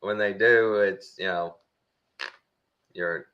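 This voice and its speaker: A man's voice: lowish voice, moderate pace, highs cut off. A man with a Texan accent, chatting casually and acting out the people in his stories. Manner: animated storyteller, acts out quoted people. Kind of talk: casual chat.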